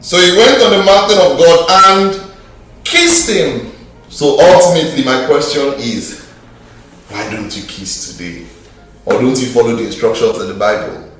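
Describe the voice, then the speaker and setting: A man's voice: on the high side, animated, moderate pace, fairly bright tone, distant mic. A man leading a Bible study class, teasing and emphatic, asking the group questions. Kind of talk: interactive Bible class teaching. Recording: very echoey hall, mic from afar.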